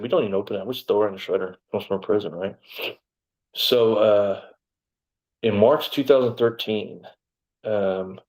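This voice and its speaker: A lowish-voiced man, telling his story in an interview. He talks bluntly and swears freely, breaking into loud outbursts when he quotes himself. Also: rough recording. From Texas, USA. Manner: blunt and profane, bursts out when quoting himself. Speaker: interview guest. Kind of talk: storytelling in conversation.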